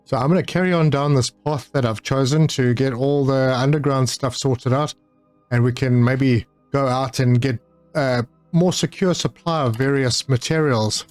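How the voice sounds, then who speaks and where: A man's voice: mid-range voice, darkish tone. A man giving casual, easygoing commentary while playing a building game, thinking aloud and talking to himself as he goes. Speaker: gaming channel host.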